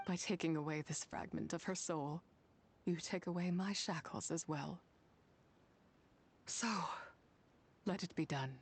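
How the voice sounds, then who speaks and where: A woman voicing a solemn female spirit, the leftover wrath of an immortal, in a grave, measured, poetic manner for a game. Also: sits low, darkish tone, slightly rough, heavily acted. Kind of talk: game voice acting.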